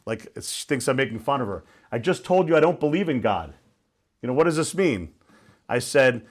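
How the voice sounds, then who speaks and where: A man giving a conversational talk to an audience, telling a story and asking listeners questions. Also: medium pitch. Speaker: guest speaker.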